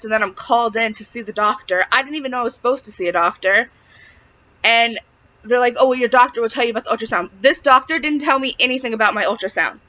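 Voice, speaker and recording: A young woman telling a personal story to camera in a casual, chatty way, filling her talk with "like". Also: a little high. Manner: chatty, peppered with "like", animated retelling. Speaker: vlogger sharing a pregnancy update. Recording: dull lo-fi audio.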